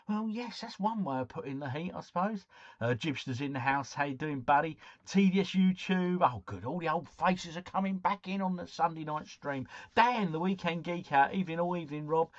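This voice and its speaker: A man's voice: fairly high pitch, dry recording, lo-fi sound. A man hosting a casual live stream at home, chatting and greeting viewers by name. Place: at home, drinking cider.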